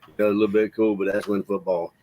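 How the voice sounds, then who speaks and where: Brief: male guest co-host, Southern accent, lowish voice, fast folksy chat. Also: little pitch movement, mellow. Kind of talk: casual sports podcast chat.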